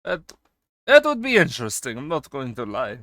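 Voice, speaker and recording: A man streaming and chatting casually with his viewers. He swings between loud excited bursts and quieter asides, and he swears casually. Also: medium pitch, normal speed, dry recording, clean studio sound. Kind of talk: casual chat with a live stream chat.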